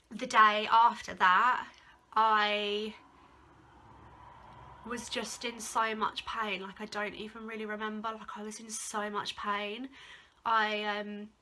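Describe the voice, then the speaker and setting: Slow and pausing often, this young woman from England speaks in a level, bright and forceful mid-range voice. She rambles casually to camera in a storytime vlog about a personal ordeal, using plenty of fillers and "like," and becomes emotional at moments.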